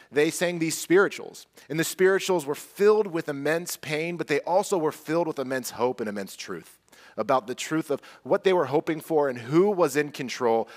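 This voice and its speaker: A man preaching a sermon as pastor, earnest and conversational, with light self-deprecating asides. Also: on the high side. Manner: hushed, soft prayer.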